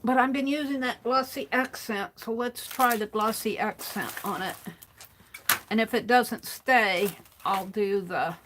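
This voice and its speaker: Slow, self-muttering crafting woman. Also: on the high side, a bit bright, a little hiss or hum. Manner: unhurried, muttering to herself while working. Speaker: craft livestream host. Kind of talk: casual crafting livestream.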